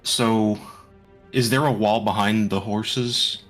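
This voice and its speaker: A man with a somewhat low voice talks through his moves in a tabletop game. He hesitates and restarts as he plans, with quiet music in the background. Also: steady tone, slow. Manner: thinking aloud, hesitant. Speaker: player.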